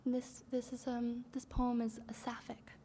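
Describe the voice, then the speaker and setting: Poet reading, woman with higher voice. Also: completely flat delivery, warm tone, slight background noise. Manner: measured, deliberate reading with brief spoken asides. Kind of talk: poetry reading.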